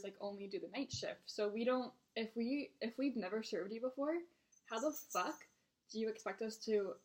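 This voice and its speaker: A young woman who works as a server vents about her customers in a casual storytime. Her voice sits at a mid pitch, and she talks bluntly, exasperated, with plenty of swearing. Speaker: restaurant server vlogger.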